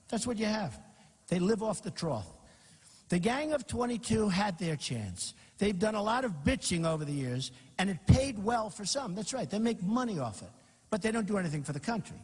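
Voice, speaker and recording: A man's voice: high voice, animated, normal speed, a little mellow. A man in his sixties giving a rambling rally speech, reading aloud and breaking off into asides. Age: 60s. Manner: rambling, reads aloud then riffs with asides. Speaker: political candidate at a campaign rally. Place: packed large auditorium with balcony. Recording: long reverb in a big hall.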